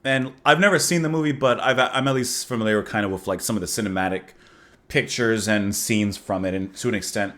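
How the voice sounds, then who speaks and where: A man's voice: on the low side, fairly quick, fairly bright tone. A man hosting a music reaction, talking casually in a rambling, musing way and chuckling at himself.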